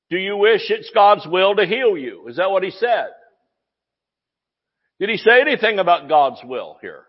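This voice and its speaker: A man preaching a sermon in a church, excitable and exclamatory, asking the congregation rhetorical questions. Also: sits high. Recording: muffled sound in a reverberant hall.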